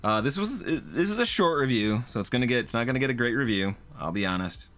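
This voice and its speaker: A man's voice: mid-range voice, expressive, fast, a bit bright, soft background music. A man hosting comedic commentary on reviews, with exaggerated reactions and frequent laughs. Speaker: host.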